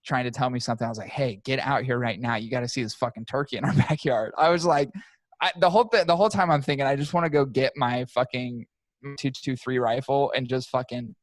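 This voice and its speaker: A young man chats on a podcast and swears freely while he tells an animated story. His voice sits at an ordinary pitch and sounds close and dry, with no room around it. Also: fast, no room sound. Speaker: podcast co-host. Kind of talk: casual chat.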